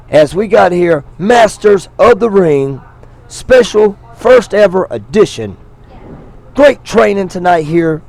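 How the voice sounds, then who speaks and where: A man calling a wrestling match with a slightly higher voice than most. He commentates in a jokey, excitable way, teasing the referee and the crowd between moves. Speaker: color commentator.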